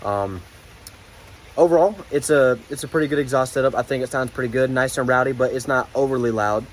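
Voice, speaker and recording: A man talks at an ordinary middle pitch, relaxed and rambling with many fillers. A faint hiss sits under his voice. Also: a little fast. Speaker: car vlogger. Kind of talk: casual vlog outro.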